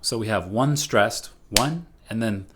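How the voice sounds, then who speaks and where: A man's voice: lowish voice, unhurried, noisy background. A man teaching a recorded music lesson over slides, casual and patient, often checking in with "right?".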